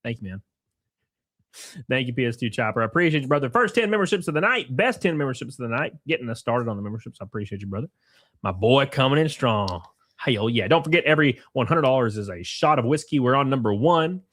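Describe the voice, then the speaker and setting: A man's voice: mid-range voice, expressive, fast talker, fairly bright tone. A man with a mid-range voice banters loosely and crudely on a live stream, thanking viewers between jokes. The sound is close and dry, with no room echo. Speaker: stream co-host. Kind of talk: casual stream chat.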